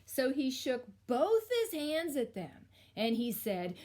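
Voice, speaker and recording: A woman teacher reading a picture book aloud to children, with expressive storytelling and little asides. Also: sits high, slow pace, few pauses. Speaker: elementary school teacher.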